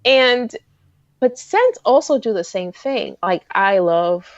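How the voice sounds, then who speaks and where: A woman in her forties, a podcast host telling stories in a rambling, excitable way, full of restarts. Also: a little high, slow, no echo, muffled recording. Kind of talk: casual chat.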